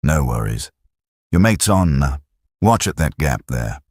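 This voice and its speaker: A man's voice: extremely low pitch, very animated, measured pace, a little mellow, husky, dry recording, heavily acted. A man voicing a cheeky young British army private from Sheffield who teases in a dry, chatty way. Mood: joking. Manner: chatty, teasing, dry humor.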